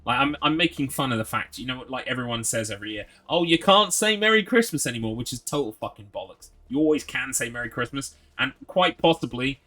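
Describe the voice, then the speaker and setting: A man's voice: mid-range voice, fast talker, hardly any pauses, bright, forceful tone. A man streaming a game, giving casual, sweary, sarcastic commentary.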